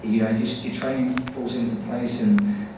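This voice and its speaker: A man's voice: mid-range voice, normal speed. A man from Scotland with a London accent, a convention panel guest telling stories animatedly and mocking himself. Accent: London English with Scottish traces. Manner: animated, self-mocking, restarts often. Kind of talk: casual Q&A storytelling. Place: large convention hall. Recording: echoey hall, distant mic, noisy.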